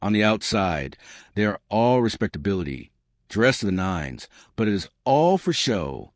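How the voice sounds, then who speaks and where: A man's voice: fairly low pitch, very animated, moderate pace, no room sound, clean studio sound. A man voicing a talkative, boastful Italian salesman who pours out his words. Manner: chatty and boastful.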